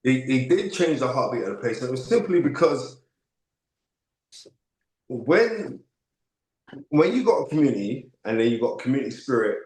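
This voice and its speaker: A man of fifty with a London accent, telling stories as a podcast guest in an emphatic, animated way. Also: medium pitch. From United Kingdom. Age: 50s. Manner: emphatic, acts out quoted voices, frequent "you know what I mean". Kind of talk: animated interview storytelling. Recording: echoey room.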